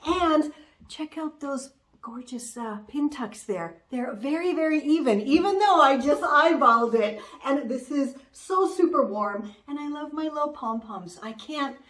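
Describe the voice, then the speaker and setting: A woman's voice: high-pitched, animated, measured pace, reverberant. A woman hosting a DIY clothing refashion vlog, gushing enthusiastically about her finished project. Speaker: DIY refashion vlogger and host. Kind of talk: upbeat craft vlog.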